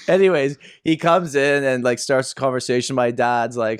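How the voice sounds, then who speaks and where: A man in his thirties from Canada chats casually as a podcast host. He rambles through stories with fillers and restarts, and his medium-pitched voice sounds dry and close to the mic. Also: steady tone, moderate pace, clear, resonant tone, no echo. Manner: chatty storyteller with frequent fillers and restarts. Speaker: podcast host and real estate agent. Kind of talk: casual chat.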